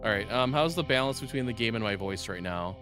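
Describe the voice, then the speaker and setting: A man with a low, deep voice reads a game's eerie second-person story aloud on a live stream, then drops into swearing banter with his viewers. His boom-mounted condenser mic is close, and game music plays clearly underneath. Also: lively intonation, fast talker. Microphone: condenser mic on a boom arm.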